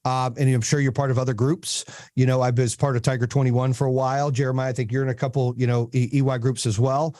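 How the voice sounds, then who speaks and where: A man's voice: medium pitch, little pitch movement, quick pace, few pauses, mellow, no echo, studio quality. Blunt, profane man coaching a group. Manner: blunt, profane storytelling with acted quotes. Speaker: podcast host and business coach. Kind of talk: casual coaching talk to a small group.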